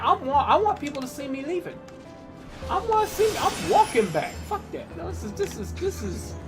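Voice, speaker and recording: A woman streaming a game, with a fairly high voice whose pitch swings widely. She rants in irritation and swears heavily. Game music plays clearly behind her. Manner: irritated ranting, heavy swearing. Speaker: gaming streamer. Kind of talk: live game commentary.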